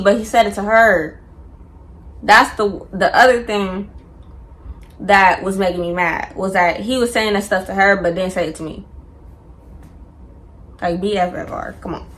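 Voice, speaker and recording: Animated young woman telling a storytime. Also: mid-range voice, moderate pace, long pauses. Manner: animated, slangy, acts out quotes. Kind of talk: casual storytime.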